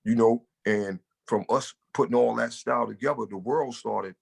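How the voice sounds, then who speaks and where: Gravelly Bronx man, husky voice. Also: mid-range voice, moderate pace. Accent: New York (Bronx). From Bronx, New York. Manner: loose, street-casual, leans on "you know". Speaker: guest, hip-hop artist. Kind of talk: casual interview talk.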